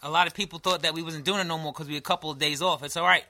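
Bright-voiced joking New man. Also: on the high side, steady tone, very fast. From New York. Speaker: podcast co-host. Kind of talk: casual chat.

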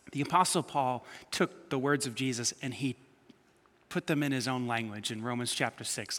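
A man preaching a sermon, telling personal stories with lively swings between quiet asides and loud emphatic bursts. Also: fairly high pitch. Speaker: pastor. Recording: long hall reverb.

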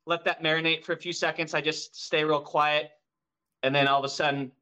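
This is a man guesting in a casual podcast chat about running a mortgage brokerage. He talks with high energy and animated storytelling, and his voice is bright and forceful and sits a little high for a man. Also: brisk, clear, resonant tone.

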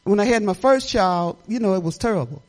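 Older woman, church speaker, fervent testimony, repetitive, rising into shouts. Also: medium pitch, animated, brisk. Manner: fervent, repetitive, breaks into laughter and sudden shouts. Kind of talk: preaching testimony.

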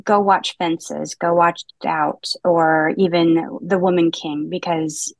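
A woman co-hosting a book podcast, speaking in a measured way and wrapping up the show. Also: lowish voice, fairly even intonation, vocal fry, no room sound. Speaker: podcast co-host. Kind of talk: casual book-club chat.

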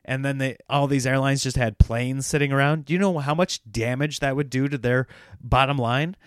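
American man, comedian, casual rant, sarcastic and animated, mid-pitched voice, dry close sound. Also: normal speed, smooth, no room sound. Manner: sarcastic, animated, laughing at his own points. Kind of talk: casual ranting monologue.

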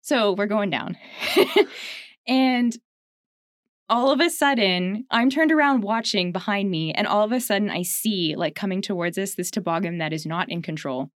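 A chatty woman tells a personal story in a relaxed conversation and often breaks into laughter. Her voice is at a middle pitch and sounds close to the mic. The room is dry. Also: normal speed, dry recording. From Canada. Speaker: podcast co-host. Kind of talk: casual reflective conversation.

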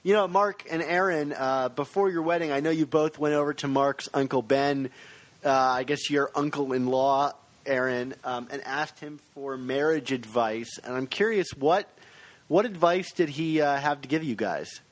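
A man hosting a podcast, asking easygoing, halting questions. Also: mid-range voice. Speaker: podcast host. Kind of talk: casual podcast interviewing.

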